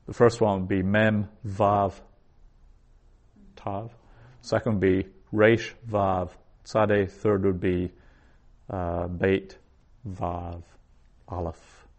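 Slow, low-voiced man teaching vocabulary. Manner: slow, repeats each word twice before glossing it. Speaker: Hebrew teacher. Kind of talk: recorded language lesson.

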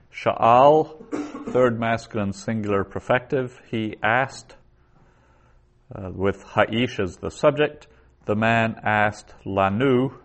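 A man teaching a recorded Biblical Hebrew grammar lesson, explaining patiently and reading phrases aloud slowly. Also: low-pitched.

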